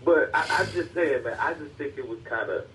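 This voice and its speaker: A man's voice: mid-range voice, animated, a little fast, fairly bright tone, a little hiss or hum. A man arguing in a casual podcast talk, hedging his points and talking over the other speaker. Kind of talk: casual political argument. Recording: distant, dull, lo-fi.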